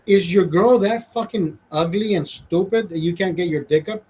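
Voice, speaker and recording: A man's voice: high-pitched, normal speed, few pauses, a little mellow, slightly rough, poor audio. A man in his forties from Honduras with a Honduran accent, delivering a blunt, profane, indignant rant to camera. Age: 40s. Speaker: vlogger. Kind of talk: casual ranting monologue.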